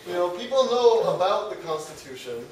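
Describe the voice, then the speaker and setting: Young guy doing deadpan college stand-up, high voice, sounds far from the mic in a really echoey room. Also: brisk. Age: young adult. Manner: deadpan absurd storytelling, laughing at his own jokes. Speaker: student comedian. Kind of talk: stand-up comedy. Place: room with a live audience. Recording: echoey room, mic from afar, audience noise.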